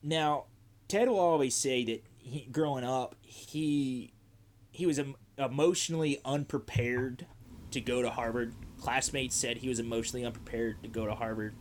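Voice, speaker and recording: A man's voice: medium pitch, normal speed, a little hiss or hum. A man hosting a podcast, telling a story in a casual, rambling way with lots of fillers and restarts. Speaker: podcast host.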